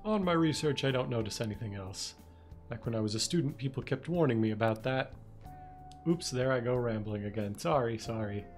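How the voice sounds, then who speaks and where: A man reading the lines of a gentle, apologetic male school counselor who tends to ramble. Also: medium pitch, brisk, soft background music, close to an everyday voice. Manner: soft, apologetic, self-deprecating.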